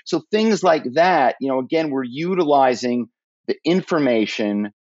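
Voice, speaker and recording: A man tells stories as a podcast guest and briefly acts out the people he spoke to on the phone. His voice sits in a middle register. The recording sounds dry and a little dull, with little high end. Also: animated, moderate pace, a little mellow, no room sound. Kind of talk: animated storytelling interview.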